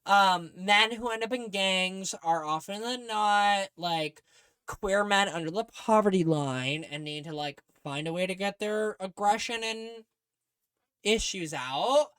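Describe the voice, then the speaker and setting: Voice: mid-range voice, a little slow, a bit bright, clear, resonant tone, dry recording. A podcast co-host in casual chat, telling rambling, digressive stories full of fillers.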